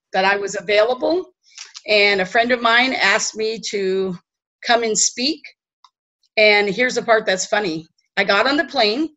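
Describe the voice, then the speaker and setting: A woman telling a personal story in a chatty, animated way, often checking in with her listeners. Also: medium pitch, poor audio. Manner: chatty, animated, tag questions. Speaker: host. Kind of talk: storytelling talk.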